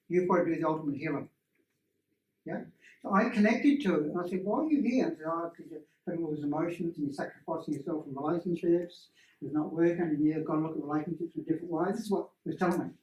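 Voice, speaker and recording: Man leading a workshop, lively and animated, recorded from across an echoey room. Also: high-pitched. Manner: animated storyteller who acts out voices. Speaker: energy healing workshop presenter. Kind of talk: casual teaching talk to a small group. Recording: roomy, distant room mic.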